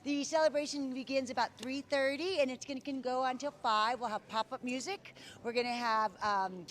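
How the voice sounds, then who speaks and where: A woman's voice: sits high, steady tone, brisk, fairly bright tone, slight background noise. A woman interviewed outdoors by an ice rink, talking in a friendly, loose way. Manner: friendly, loose, uses fillers. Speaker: town events guest. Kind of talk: on-location interview.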